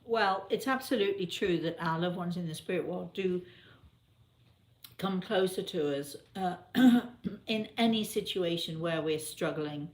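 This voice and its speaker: A woman's voice: fairly low pitch, unhurried, darkish tone, roomy sound. A woman with an English accent, hosting a casual live chat and laughing often. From England. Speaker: host.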